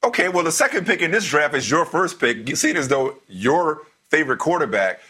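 A fairly fast-talking man with a slightly high, breathy-edged voice co-hosts a sports talk show. He argues with his partner in a casual, animated manner and tends to repeat himself.

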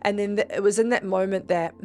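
A young Australian woman hosting a podcast, telling a story in a casual, animated way, swearing freely and acting out what people said. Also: fast. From Melbourne, Australia. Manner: animated, swears freely, acts out dialogue with big pitch jumps. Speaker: podcast host.

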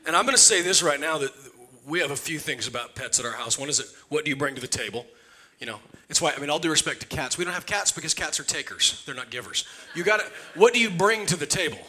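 A man's voice: on the high side, fast. A man preaching, telling a funny family story in a loose, conversational way. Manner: conversational, jokey, animated. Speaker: pastor. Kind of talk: humorous sermon storytelling. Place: church sanctuary.

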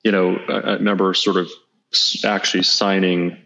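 A man in his thirties, a guest entrepreneur in an interview, telling a personal story in an earnest, halting way with small restarts. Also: deep voice, little pitch movement, bright, forceful tone. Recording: slightly dull lo-fi audio.

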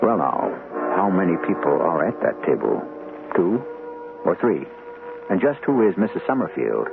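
A man's voice: deep voice, sing-song, moderate pace, creaky. A man narrating as host of a radio drama, musing aloud in a questioning way. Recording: tinny old radio broadcast over music.

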